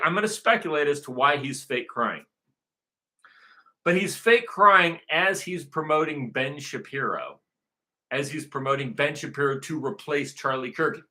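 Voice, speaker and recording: Man host, ranting monologue, bright sharp tone, fairly high voice. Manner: repetitive, profane, emphatic. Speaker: show host.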